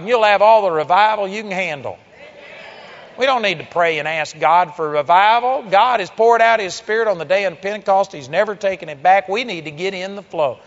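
A high-voiced man preaches a sermon, moving between hushed stretches and loud, driving exhortations delivered with force and emphasis. The audio is dull and muffled, and a long echo trails off the walls of a big church.

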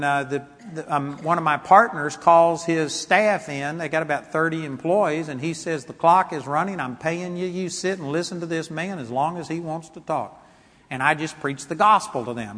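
A man preaching a sermon, telling a story and building to loud, emphatic exhortation. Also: on the high side. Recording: long reverb of a large hall.

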